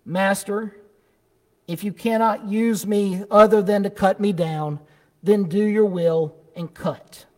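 A man's voice: high-pitched, fairly even intonation, a little mellow, in a large hall. A man voicing a devoted, pleading bamboo. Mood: hushed. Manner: slow, tremulous pleading. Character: noble male bamboo plant, devoted and pleading.

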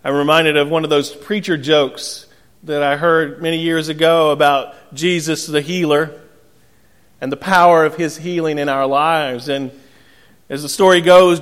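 A pastor giving an earnest sermon, telling a gentle joke along the way. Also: male voice, a little high, steady tone, moderate pace, clear, resonant tone. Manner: earnest preaching with gentle storytelling humor. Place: church sanctuary. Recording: long church reverb.

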